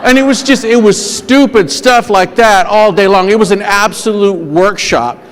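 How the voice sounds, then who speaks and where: A man giving a humorous storytelling keynote speech, animated and acting out the voices he quotes. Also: high-pitched, moderate pace, slight background noise. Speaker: conference keynote speaker. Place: large conference hall. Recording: long reverb of a large hall.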